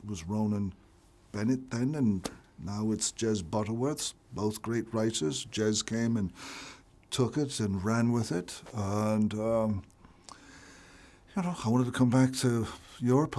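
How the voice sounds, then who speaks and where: A man from Ireland, an actor being interviewed, telling stories in an animated way, restarting and repeating his words. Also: on the low side, unhurried. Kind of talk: casual interview chat.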